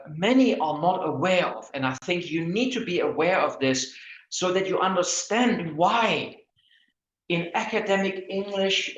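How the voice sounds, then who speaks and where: A lecturer giving an online class on academic writing, often stopping to restart words and asking the listeners questions. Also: mid-range voice. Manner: hesitant, many restarts and repeated words; asks the audience questions. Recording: echoey, dull lo-fi room sound.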